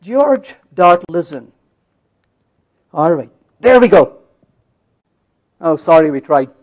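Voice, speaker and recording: This conference speaker has a fairly high but darkish voice and talks slowly yet very animatedly as he live-codes in a conference hall. Playful and teasing, he frequently makes sure the crowd is keeping up, and the sound is lo-fi.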